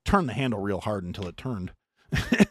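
A middle-aged American man hosting a podcast, telling a long story in a profane, animated way with mock voices. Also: on the low side, moderate pace, no echo, studio quality. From United States. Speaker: podcast host. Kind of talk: casual storytelling chat.

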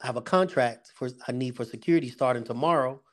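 A middle-aged man speaks at an ordinary pitch, earnest and plain-spoken, as he retells hard years and turning points on a podcast. He talks in a loose, conversational way, with fillers and restarts. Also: fast talker. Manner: earnest storyteller, faith-driven, with fillers and vivid retelling. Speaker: guest, security company owner. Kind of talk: casual podcast testimony.

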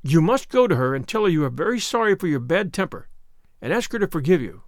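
A man's voice: a little high, sing-song, quick pace, no room sound. A man voicing a stern, dry-spoken middle-aged spinster woman.

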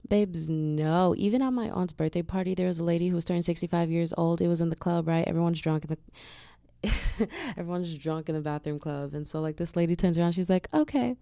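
A woman's voice: lowish voice, steady tone, fairly quick, gravelly, warm tone, smooth, dry recording, studio quality. A young woman hosting a casual solo podcast, chatty and slangy, with lots of "like". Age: young adult. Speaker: podcast host.

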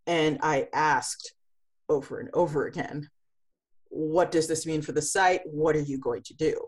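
Low-voiced woman telling a story in an interview. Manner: storytelling with vivid analogies, frequent restarts. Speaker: comics publisher. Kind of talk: casual interview answer.

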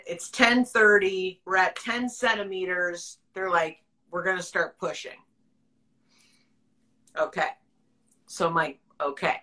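A woman tells a story in a loose, chatty way, as on a livestream. Her voice is bright and crisp, her pitch sits in the middle, and she laughs easily, swears without a second thought and slips into the voices of the people she quotes. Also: poor audio. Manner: candid, laughs often, swears freely. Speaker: podcast host.

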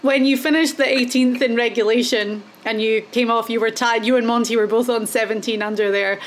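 A woman's voice: a little high, steady tone, fairly quick. Chatty woman podcast co-host. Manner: chatty, enthusiastic, laughs easily. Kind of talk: casual chat.

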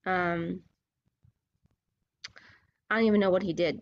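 A woman's voice: fairly low pitch, steady tone, slow pace, dull audio. A woman hosting a sports podcast, ranting in a combative, profane and sarcastic way. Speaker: podcast host.

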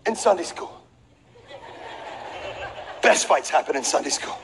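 High-voiced man preaching in a hall. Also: unhurried, creaky, slight background noise. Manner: animated, acts out voices, laughs, shifts to shouting. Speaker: pastor. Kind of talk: comedic sermon storytelling. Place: large church auditorium. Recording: reverberant hall with faint ambience.

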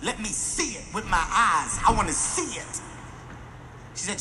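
A man doing animated, profane stand-up comedy storytelling and acting out the voices in his stories. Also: high-pitched, measured pace, music in the background.

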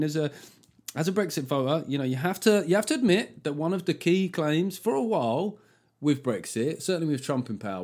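A man hosting a solo comedic podcast, ranting sarcastically about politics with swearing and quick impressions. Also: medium pitch, a little mellow. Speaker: podcast host.

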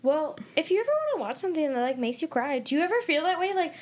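A woman's voice: high-pitched, lively intonation, very fast. A woman co-hosting a book podcast in casual chat, gushing and dramatic, with lots of "like". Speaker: podcast co-host.

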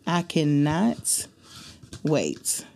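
A woman hosting a faith-based podcast, speaking in an emotional, expressive and preachy way. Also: sits low, extremely slow, gravelly. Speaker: podcast host.

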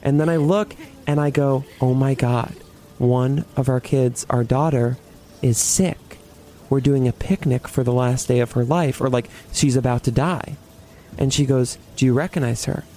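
A man's voice: medium pitch, moderate pace, slight background noise. Chatty young man telling a story. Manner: animated, swears a lot, heavy use of "like". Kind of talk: casual storytelling.

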